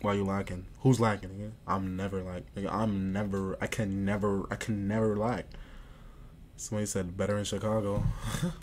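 A man's voice: fairly low pitch, little pitch movement, moderate pace, darkish tone, slight background noise. A young man livestreaming and answering chat in slangy, boastful casual talk. He keeps repeating phrases and often drops to a mutter.

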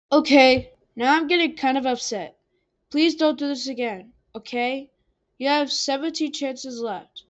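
A woman's voice: high-pitched, highs cut off, natural voice. A woman voicing an exasperated computer error character who scolds the listener for turning off the computer. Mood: pleading. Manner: pleading then scolding, rising to shouts.

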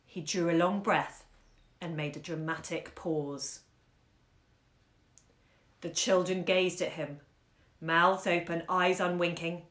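A woman hosting a bookshop series reads a short story aloud at home into a phone, animated and acting out the action. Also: on the low side, slow pace, pauses often. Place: room at home. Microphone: phone on a live stream. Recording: roomy echo.

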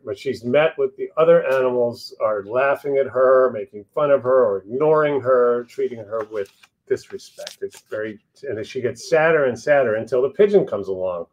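A man's voice: mid-range voice, normal speed, a little mellow, highs cut off. A man co-authoring and reading aloud his children's picture book, narrating in a storytelling way with some restarts.

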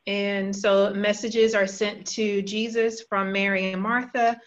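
A woman's voice: medium pitch, level tone, measured pace. A woman casually retelling a Bible story to a group, chatty, with fillers and self-corrections. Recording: dull lo-fi recording.

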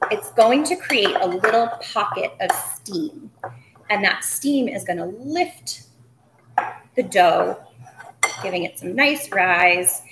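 A woman's voice: mid-range voice, background noise. Chatty woman cooking in a roomy kitchen. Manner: chatty, joking asides, muttering to herself while working. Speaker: cooking show host. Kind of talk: live cooking demonstration. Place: home kitchen. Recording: roomy kitchen sound with clattering dishes.

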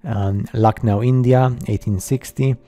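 Guy narrating a slideshow, super mellow dark voice, halting, lots of ums, kinda skeptical. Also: mid-range voice, fairly even intonation. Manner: halting, skeptical, many fillers. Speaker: video narrator. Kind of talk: casual voice-over over slideshow.

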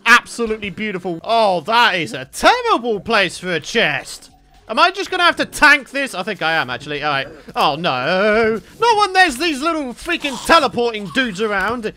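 Animated high-voiced gaming commentator. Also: male voice. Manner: animated, exasperated outbursts at enemies. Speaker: gaming YouTuber. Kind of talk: let's play commentary.

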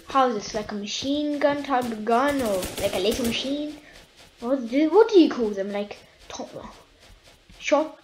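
A woman giving casual, excitable commentary while playing a shooter game, pleading with the game and cheering her kills. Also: sits high, noisy background. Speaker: gaming YouTuber.

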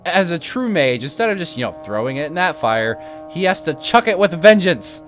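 A male game host talks through his playthrough in a loose, offhand way, dropping sarcastic asides. His pitch jumps around expressively. Faint music plays in the background. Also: sing-song, normal speed, a bit bright. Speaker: gaming channel host. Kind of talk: casual let's-play commentary.

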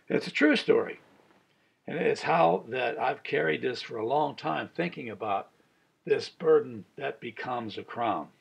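A man's voice: medium pitch, expressive, measured pace, creaky, husky, dull audio. A man in his sixties, a pastor, giving an earnest Bible study sermon with a personal story, chuckling as he tells it.

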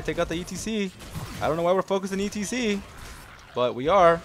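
A young man commentating his own gameplay, excitable and casual, yelling at teammates and swearing, then calmly explaining strategy. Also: high-pitched, a little fast, a little hiss or hum.

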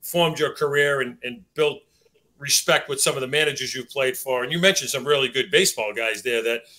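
A man hosting a podcast interview, summing up his guest's points in a measured way. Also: mid-range voice, pushed and bright. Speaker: podcast host. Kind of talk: interview questions and commentary.

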